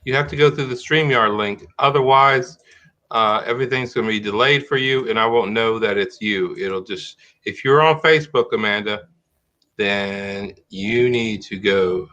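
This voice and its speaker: A man's voice: lowish voice, moderate pace, pushed and bright, highs cut off. A middle-aged man hosting a live-streamed talk show in casual chat, rambling and restarting his sentences as he thinks aloud.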